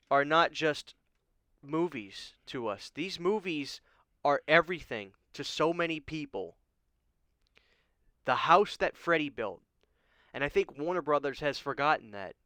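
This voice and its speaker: Impassioned bright-voiced man ranting. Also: a little high, smooth, no room sound. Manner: emotional, pleading, repeats "okay?". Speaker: horror channel host. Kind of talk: impassioned vlog rant. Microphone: studio microphone.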